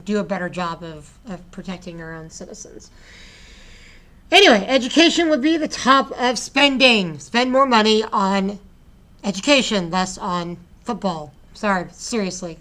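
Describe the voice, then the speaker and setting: A woman teacher walking her class through a poetry assignment. She talks in a chatty, informal way, breaking off for asides and restarting her sentences. Her voice sits at a mid pitch. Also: a bit bright.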